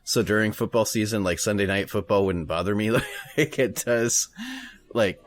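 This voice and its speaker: A man's voice: fairly low pitch, moderate pace. A married man co-hosting a podcast, chatting casually, laughing often and swearing freely. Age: adult, married. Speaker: podcast co-host. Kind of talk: casual rambling chat.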